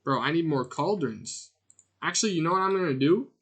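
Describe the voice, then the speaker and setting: A man streaming a game, chatting casually and rambling in a jokey way, with sudden loud outbursts as he answers his chat. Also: on the high side, expressive, fairly quick, breathy edge. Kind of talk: casual gameplay commentary.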